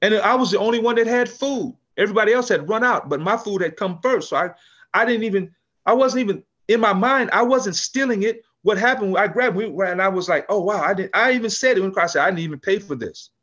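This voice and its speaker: An older man from California with a high-pitched voice tells a story in a relaxed interview. He is lively and restarts his sentences often, slipping into other people's voices as he goes. The sound is dull and lo-fi. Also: a little fast. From California, USA. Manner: animated storyteller, acts out quotes, frequent restarts. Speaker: podcast guest, business founder.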